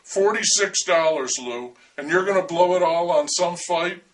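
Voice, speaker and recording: A man's voice: high voice, normal speed, lightly acted, rough recording. Man putting on an angry, tired young wife. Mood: upset. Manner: sharp, accusing, tearful.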